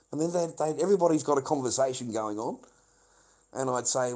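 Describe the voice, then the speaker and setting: A man's voice: mid-range voice, fairly quick, a little mellow, poor audio. Profane, bitter man ranting. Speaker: livestreamer. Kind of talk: rambling livestream monologue.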